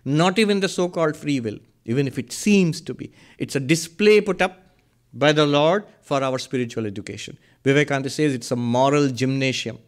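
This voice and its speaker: A man giving a spiritual discourse, earnest and lively, asking questions and answering them himself. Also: mid-range voice. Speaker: Vedanta teacher.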